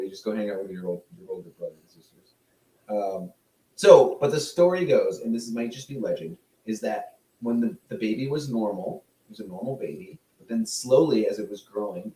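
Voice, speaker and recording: A man's voice: lowish voice, distant mic. A man co-hosting a casual podcast, teasing and questioning his partner. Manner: lively, teasing, asks questions. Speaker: podcast co-host. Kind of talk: casual chat. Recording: roomy and off-mic.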